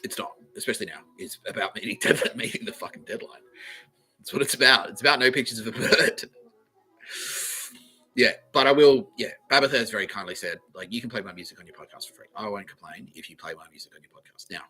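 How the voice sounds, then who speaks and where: A man's voice: lowish voice, expressive, quick pace, pushed and bright. A man hosting a comedy podcast, rambling loosely, laughing and swearing as he riffs alone. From Australia. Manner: loose and giggly, swearing freely, slipping into quoted voices. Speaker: podcast host.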